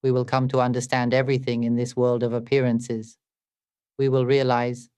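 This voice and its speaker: Calm man with a flat, even delivery. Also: mid-range voice, smooth. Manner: calm and measured, asks many rhetorical questions. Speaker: spiritual teacher. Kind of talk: meditative dharma talk.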